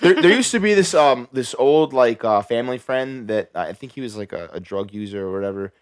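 A man chatting casually on a podcast, laid-back and halting, full of fillers and restarts. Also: mid-range voice, expressive, dry recording, studio quality. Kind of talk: casual chat.

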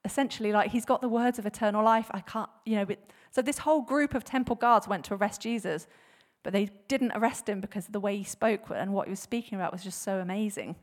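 A woman's voice: mid-range voice, quick pace, hardly any pauses. A woman giving a casual, chatty church talk, with frequent fillers and laughter. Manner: chatty, laughs often, many fillers and restarts; animated, acts out bible quotes with voices. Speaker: church speaker.

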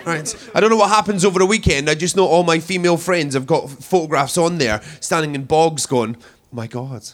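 A young Scottish man doing a cheeky stand-up routine on a comedy club stage. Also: fairly quick. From Scotland. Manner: cheeky, punchy delivery with shrill put-on women's voices.

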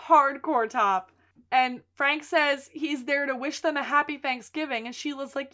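A woman co-hosting a podcast, recapping episodes in casual chat and acting out the characters' lines with animated storytelling. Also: sits high, unhurried. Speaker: podcast co-host recapping a TV series.

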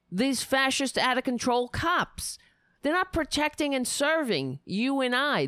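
A woman delivering angry, sarcastic political commentary, ranting heatedly with profanity and sudden loud bursts. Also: sits high, dry recording, studio quality.

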